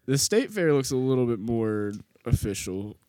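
A man's voice: medium pitch, very animated, normal speed, mellow, no room sound. A man co-hosting a podcast in a laid-back, hesitant casual chat, full of fillers and the odd swear. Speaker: podcast co-host.

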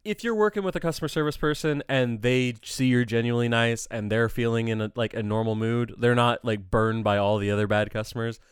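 A man in casual chat, joking and swearing in a relaxed way. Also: medium pitch, brisk, hardly any pauses, clean tone, no echo, studio quality. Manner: laid-back, joking, profane.

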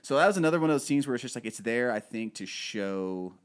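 A man's voice: mid-range voice, expressive, fast talker, smooth. A man hosting a podcast, chatting casually about a film in a rambling way with lots of fillers. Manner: rambling, many fillers, acts out movie quotes. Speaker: podcast host.

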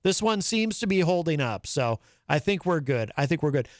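This man's voice is on the high side and very animated, moving at a moderate pace. He's from New England in the US and hosts a live talk show, chatting casually and reading viewer comments aloud in a live-stream style. The recording is dry, with clean studio sound.

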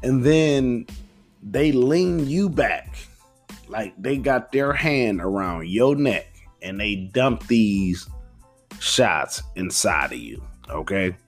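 A man's voice: on the low side, expressive, slow pace, faint music behind. A young man telling a rambling story in a casual monologue, slangy and profane, laid-back.

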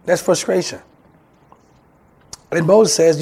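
A man's voice: a little high, normal speed, pauses often, mellow, breathy edge. A man preaching a sermon as pastor, calling out to the congregation and acting out voices. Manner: call-and-response preaching, acts out voices. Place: church.

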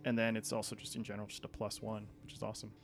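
A man playing a tabletop game, explaining his character's actions in a hesitant way with many pauses. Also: on the low side, monotone, creaky. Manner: hesitant, many ums and restarts. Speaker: player. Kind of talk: casual chat in a tabletop game.

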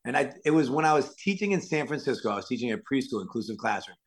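A man from Massachusetts, a stuntman and actor, telling lively stories as an interview guest and acting out the quotes. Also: medium pitch, fast talker. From Worcester, Massachusetts. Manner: lively anecdotes full of acted-out quotes. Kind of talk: casual interview storytelling.

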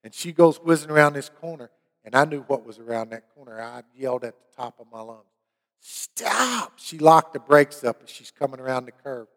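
A man's voice: mid-range voice, brisk, long reverb tail. A middle-aged man preaching a sermon, telling a personal story in an earnest way and rising to emphatic preaching. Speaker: pastor.

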